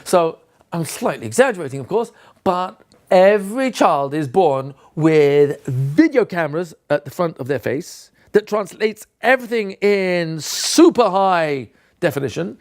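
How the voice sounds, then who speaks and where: A man's voice: high-pitched, measured pace. A man giving a lecture to teachers on how to teach children, acting out short scenes of teacher and pupil as he explains. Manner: animated, acts out teacher and child voices. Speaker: teacher trainer.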